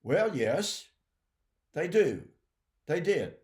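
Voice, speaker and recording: A man giving emphatic Bible teaching, calling his listeners "folks" and often clearing his throat. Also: on the high side, big pitch swings, very slow, reverberant. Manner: emphatic, addresses listeners as folks and ladies and gentlemen.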